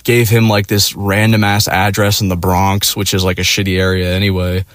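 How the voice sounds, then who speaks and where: Sitting low in pitch and speaking at normal speed, this man rambles through a story full of profanity and "like" and "you know." He animatedly voices his friends' quoted lines; the studio-quality recording has no room sound.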